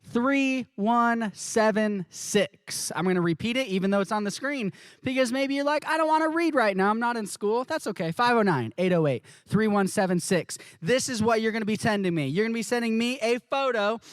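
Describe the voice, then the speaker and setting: A man's voice: sits high, animated, moderate pace, clear, resonant tone, dry recording. A man hosting a youth live stream, chatting casually and talking straight to viewers in an upbeat way. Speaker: youth ministry host.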